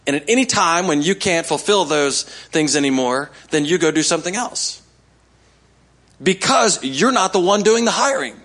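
Man, pastor, high voice, sermon, chatty, coaxing the congregation. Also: expressive, normal speed, a bit bright. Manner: conversational, coaxing the congregation to respond.

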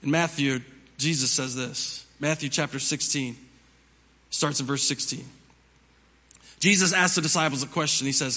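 Male preacher with a high, husky voice. Conversational sermon with rhetorical questions, long church reverb. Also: normal speed, long pauses, pushed and bright. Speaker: pastor. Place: church sanctuary.

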